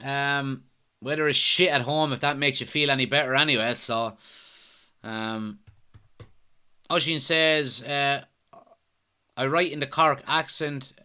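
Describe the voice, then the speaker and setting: A man's voice: mid-range voice, unhurried, long pauses, pushed and bright, clear, resonant tone. An Irish man hosting a live football watchalong stream, chatting casually, reading out viewer comments and answering them. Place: at home.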